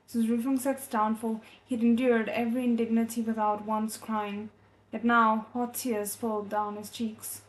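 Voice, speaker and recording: A woman reading a novel aloud as a readalong host, soft and measured, breaking off to react with feeling. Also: a little high, level tone. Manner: emotionally invested, breaks off to react.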